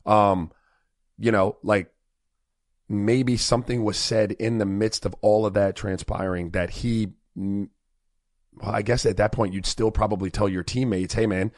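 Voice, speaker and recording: A man's voice: on the low side, steady tone, a little slow, a little mellow, no echo, studio quality. A man co-hosting a casual sports talk show, rambling with many fillers. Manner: rambling, heavy fillers like "like" and "look".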